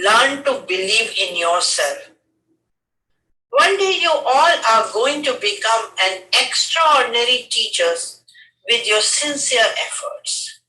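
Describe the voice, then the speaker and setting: Older indian lady lecturing teachers, indian english accent, slow and measured, roomy echo. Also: medium pitch, sharp tone, far from the mic, a little hiss or hum. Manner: slow, measured, instructive list of dos and don'ts. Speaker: retired school head giving teacher training.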